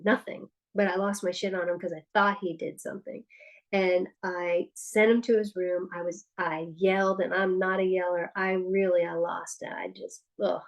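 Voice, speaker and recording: A woman's voice: lowish voice, low-quality recording. A woman presenting a parenting workshop, talking candidly and personally with frequent restarts. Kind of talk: conversational presentation.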